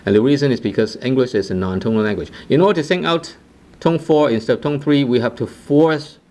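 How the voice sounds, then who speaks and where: A man's voice: mid-range voice, fairly quick, darkish tone. A man teaching a casual online language lesson, demonstrating tones with sung phrases and often checking in with "right?". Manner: sings short phrases and repeats syllables to demonstrate tones; frequent "right?" check-ins and restarts. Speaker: Cantonese teacher.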